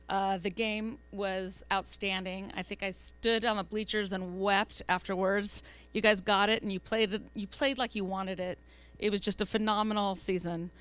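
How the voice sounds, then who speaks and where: A woman school board member presenting awards at a public meeting, earnest, reading names slowly and carefully. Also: medium pitch, a bit bright.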